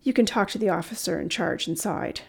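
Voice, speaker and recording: A woman's voice: medium pitch, expressive, a little fast, creaky, breathy edge. A woman reading the lines of a friendly young female police clerk in a storybook. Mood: kind. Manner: friendly, kind.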